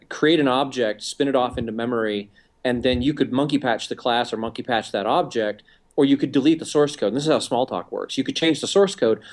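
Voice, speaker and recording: A man's voice: mid-range voice, a little mellow. Man, medium voice, eager, casual tech chat. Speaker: podcast panelist. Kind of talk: casual technical discussion.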